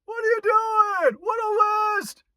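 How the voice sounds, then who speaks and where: Man doing exasperated sitcom comedian, high whiny voice, yelling. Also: steady tone, slow pace, dry recording, clean studio sound, full character voice. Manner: exaggerated exasperated outbursts.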